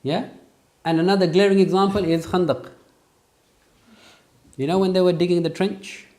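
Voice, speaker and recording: A man's voice: sits high, moderate pace. A man teaching a religious lesson, quizzing his students and pressing emphatic points. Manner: questions students, lively, emphatic. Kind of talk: interactive classroom lesson. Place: classroom with students.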